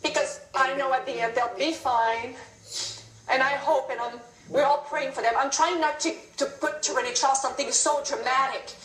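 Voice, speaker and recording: A woman guest in a live TV interview, crying as she talks, impassioned and pleading in rapid bursts. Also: high voice, steady tone, fairly bright tone. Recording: roomy broadcast audio.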